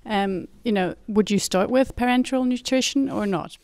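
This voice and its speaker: A woman from the audience asking a question at a medical conference, halting and searching for words. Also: mid-range voice, darkish tone, no room sound.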